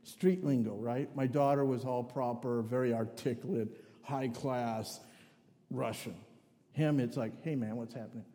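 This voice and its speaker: A man's voice: medium pitch, fairly even intonation, unhurried, mellow. An older man preaching a sermon, telling family stories with joking asides. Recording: long hall reverb.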